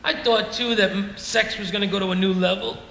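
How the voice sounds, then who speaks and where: A man's voice: high-pitched, steady tone, brisk, vocal fry, fairly bright tone, a little hiss or hum. A middle-aged man doing a stand-up comedy set in a club, ranting in an exasperated, self-mocking way. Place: comedy club stage with laughing audience. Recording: echoey club room with reverb.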